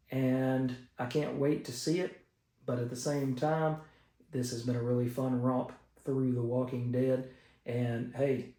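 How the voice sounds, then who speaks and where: An enthusiastic man talks through the week's comics in a casual, rambling way, with plenty of fillers. His voice sits at a middle pitch. The room echoes around him. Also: warm tone. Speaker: comic book reviewer. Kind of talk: casual comic review monologue. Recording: roomy echo.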